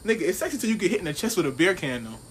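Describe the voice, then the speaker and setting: A man's voice: sits high, sing-song, a little hiss or hum. A young man co-hosting a podcast, chatting casually with lots of slang and frequent laughter. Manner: fast, joking, slangy, laughs often. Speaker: podcast co-host. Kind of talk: casual chat.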